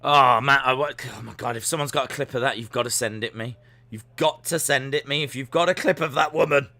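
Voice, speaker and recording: A man hosting a live football watch-along, reading out viewer comments and reacting with loud excitement to the play. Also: medium pitch, a little fast, dry recording. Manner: reads viewer comments, excitable shouting at goals.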